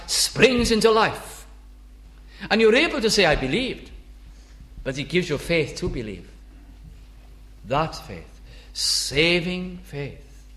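A man's voice: high voice, fairly bright tone, roomy sound. A man preaching a sermon, earnest and emphatic, lifting his voice to stress key words.

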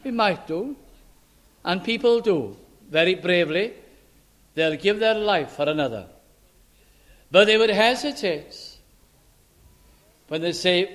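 A preacher with a high-pitched voice delivers a sermon, leaning slowly and heavily on quoted scripture. He pauses to put rhetorical questions to his listeners. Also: expressive, fairly bright tone. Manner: slow, emphatic scripture reading with rhetorical questions.

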